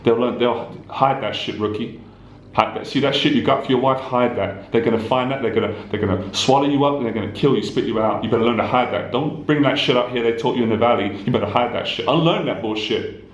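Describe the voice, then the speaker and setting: A man doing an impression of a tough, streetwise cop in a film, drawling slow warnings. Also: medium pitch, reverberant, highs cut off, slight background noise, close to an everyday voice. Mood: menacing.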